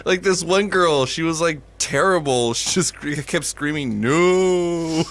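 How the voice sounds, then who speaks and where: A man with a somewhat high voice who talks slowly and loosely, trading crude jokes on a podcast and breaking into laughter. It is relaxed, casual chat. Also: background noise. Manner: crude joking, frequent laughter. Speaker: podcast co-host.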